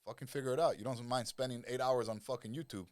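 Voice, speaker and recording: A fast-talking, middle-aged lifestyle coach with a medium-pitched voice is a guest in a casual podcast conversation, captured on a dry recording. He swears freely, tells animated stories, and performs the voices of those he quotes.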